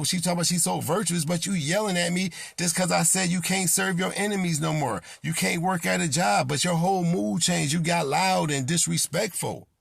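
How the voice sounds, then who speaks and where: Gravelly, scolding male preacher. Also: fairly high pitch, a bit bright, no room sound, clean studio sound. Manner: scolding, confrontational, repetitive rebukes. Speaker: self-styled prophet preaching. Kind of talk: impassioned sermon.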